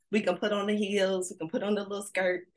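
A woman giving an energetic, playful motivational talk with call-and-response to a virtual audience. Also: mid-range voice, fast. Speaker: conference speaker.

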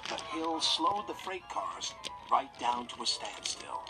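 A narrator reading a children's story in a lively, expressive way. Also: medium pitch, unhurried, poor audio. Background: music.

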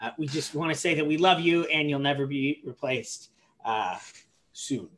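A man's voice: a little high, normal speed, fairly bright tone, slight background noise, close to an everyday voice. A man playing a hesitant, stammering mourner in an improvised comedy scene. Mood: awkward. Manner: hesitant, stammering, full of filler.

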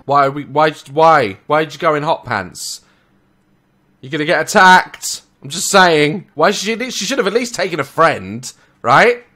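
Loud swearing English gamer with a lively pitch. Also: male voice, unhurried, faint music behind. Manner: loud, swearing, jokey, jumpy yelps. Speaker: gaming YouTuber. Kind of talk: let's play commentary.

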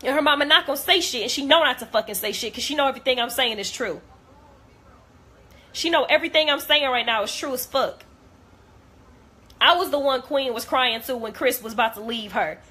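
Young woman vlogger, husky and raw, venting hurt bluntly with plenty of swearing. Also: sits high, a little fast, pushed and bright. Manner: blunt, profane, hurt and heartfelt. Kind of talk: emotional rant to camera.

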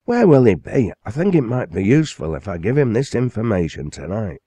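A man voicing an excitable elderly father in an audiobook, talking loudly and fast with a raised pitch. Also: no echo. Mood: excited. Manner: excited, bursting with news.

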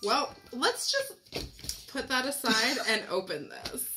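A woman's voice: high-pitched, wildly swooping pitch, drawn-out words, music in the background. A woman hosting a casual snack-tasting vlog, laughing often as she reads the packages. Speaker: vlog host.

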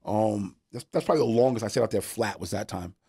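A middle-aged man from New York spins his stories at a fast clip in a low, gravelly, husky voice. He swears freely and acts out the people he quotes. The sound is dry and close. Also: dark tone, dry recording. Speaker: guest, skateboarder. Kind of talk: casual storytelling chat.

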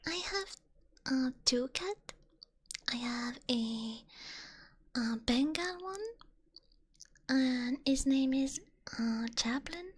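A woman with a French accent, a native French speaker, chatting as an ASMR streamer in a soft, giggly whisper with drawn-out words. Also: high voice, lively intonation, husky.

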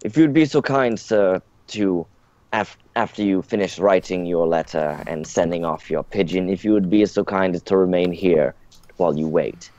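A stiffly courteous male butler of a manor, put on by a man running a tabletop game, deep and low in tone. His speech is dry and a little dull-sounding, as from a lo-fi mic. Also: moderate pace, a little mellow, no room sound, natural voice. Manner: stiffly courteous, keeps saying sir.

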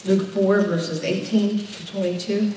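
A woman's voice: medium pitch, steady tone, unhurried, dark tone, a little hiss or hum. A woman pastor preaching a sermon, emphatic and drawing responses from her congregation. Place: church sanctuary. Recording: echoey church hall, distant mic.

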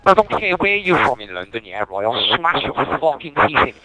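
A man from Wales in angry in-game voice chat, shouting threats and swearing heavily. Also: medium pitch, very animated, normal speed, heavy background noise. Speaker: online gamer.

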